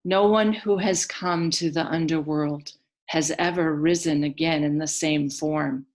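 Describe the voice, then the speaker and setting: Woman doing grave underworld goddess, slow and low, measured words. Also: fairly even intonation. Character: solemn female goddess of the underworld.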